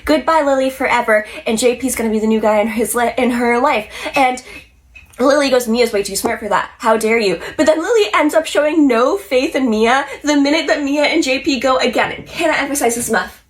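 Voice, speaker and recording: Young woman, stuffy nose, higher voice, animated casual vlog recap, phone mic. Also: fairly quick. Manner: animated storytelling, acts out quotes, frequent laughs and ums. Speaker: pop culture vlogger.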